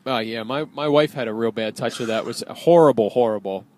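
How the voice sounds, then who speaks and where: A man's voice: mid-range voice, fairly quick, a little mellow. A man hosting a podcast, chatting casually in a playful way and steering the conversation. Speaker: podcast host. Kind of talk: casual chat.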